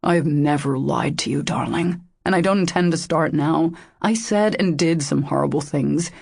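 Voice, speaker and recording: A woman's voice: deep voice, moderate pace, gravelly, a little mellow, husky, dry recording, clean studio sound, heavily acted. A woman voicing a remorseful, stubborn man who speaks emphatically in an audiobook. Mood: tender, insistent. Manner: emphatic and determined. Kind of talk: audiobook character voice.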